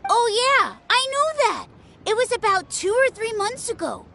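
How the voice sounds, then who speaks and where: A woman voicing an eager, easily flattered young girl who fancies herself a sword master, in video game dialogue. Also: very high voice, a little slow, creaky, slight background noise, full character voice. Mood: chatty. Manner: bouncy, excited, easily flattered.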